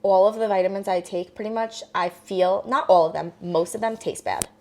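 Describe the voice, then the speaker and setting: A woman's voice: mid-range voice, normal speed, darkish tone. A young woman co-hosting a podcast, chatting casually and bluntly with many filler words. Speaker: podcast co-host. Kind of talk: casual chat.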